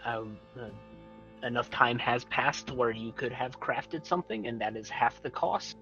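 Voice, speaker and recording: A man calmly explaining tabletop game rules step by step over a voice call. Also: medium pitch, measured pace, creaky, lo-fi sound, faint music behind. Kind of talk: casual tabletop game chat.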